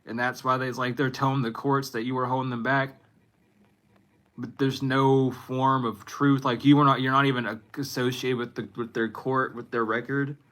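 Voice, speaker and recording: Man in his twenties, bright and forward, talking loosely to his viewers and breaking off mid-thought. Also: mid-range voice, flat delivery, normal speed. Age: 20s. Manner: rambling, self-interrupting, laughs at himself. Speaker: tarot reader. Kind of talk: casual spiritual reading to viewers.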